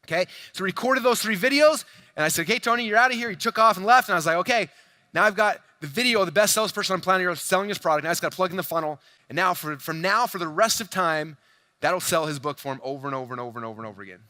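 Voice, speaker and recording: On stage before a large crowd, a man gives a sales talk, fast and full of energy. His high voice sounds close and dry despite the big hall, and he's playful, speaking straight to the audience.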